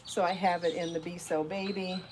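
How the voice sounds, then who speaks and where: A woman's voice: on the low side, flat delivery, brisk, a little mellow. Woman host, home live stream: chatty, upbeat, encouraging, laughs easily, faint hiss behind her. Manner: chatty, encouraging, laughs often, answers viewer comments. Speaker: podcast host and crochet designer. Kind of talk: casual live-stream chat.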